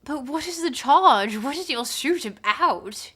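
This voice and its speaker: A woman's voice: sits high, animated, measured pace, fairly bright tone, pitched above the performer's own voice. A woman reading the part of an inquisitive older male Greek philosopher with a probing, questioning delivery. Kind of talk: live reading of a dialogue.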